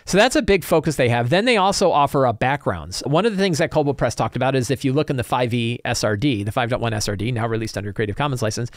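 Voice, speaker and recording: A man's voice: mid-range voice, lively intonation, fast talker, few pauses, no room sound, clean studio sound. Chatty, opinionated man hosting a talk show. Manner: chatty and opinionated, with frequent restarts and repeated phrases. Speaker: host of a tabletop RPG talk show. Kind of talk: casual solo commentary.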